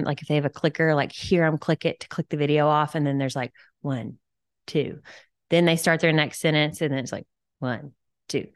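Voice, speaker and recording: A woman hosts her solo podcast in a low voice. She talks in a chatty, enthusiastic rush of tips and leans on casual fillers. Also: dry recording, clean studio sound. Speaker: podcast host.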